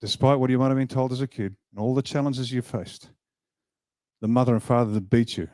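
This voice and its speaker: A man delivering a rousing motivational speech to a hall, emphatic and full of asides. His voice is mellow and low-toned, and the sound is dry and close. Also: fairly quick. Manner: emphatic, animated, jokes with the crowd. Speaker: party leader giving a speech. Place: event hall.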